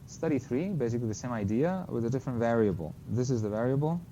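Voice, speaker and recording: A man's voice: mid-range voice, animated, fast, warm tone. A man giving a linguistics lecture with slides, explaining carefully and correcting himself with brief apologetic asides. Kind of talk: academic talk with slides. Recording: slightly dull lo-fi lecture recording with faint noise.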